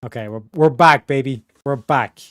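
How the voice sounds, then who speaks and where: A man's voice: mid-range voice, normal speed, a bit bright, no echo. Dry-sounding male streamer reading aloud. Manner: sarcastic asides, crude language. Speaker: livestreamer. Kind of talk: casual livestream, reading text aloud with commentary.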